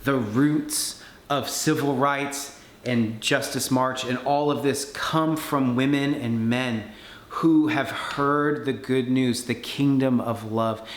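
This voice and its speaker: A man speaking at a conference, telling a story in an animated way and acting out the people he quotes. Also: medium pitch. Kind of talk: storytelling talk. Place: conference hall. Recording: echoey room with faint background noise.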